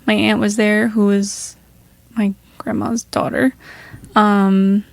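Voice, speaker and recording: A woman co-hosting a casual podcast, a little hoarse, chatty and laughing often as she rambles through stories. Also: medium pitch, flat delivery, takes it slowly, dry recording. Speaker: podcast co-host. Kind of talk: casual chat.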